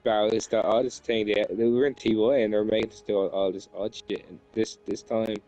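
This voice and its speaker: A man's voice: lowish voice, level tone, brisk, dark tone, muffled recording, faint music behind. A man telling pun stories in casual chat with friends, checking in with "right?". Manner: setting up puns with frequent "right?".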